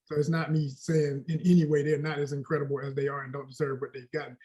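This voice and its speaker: Animated, slangy man telling stories. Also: on the high side, fast talker. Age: 40s. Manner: animated storyteller, slangy and expressive. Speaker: guest actor. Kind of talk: casual interview chat.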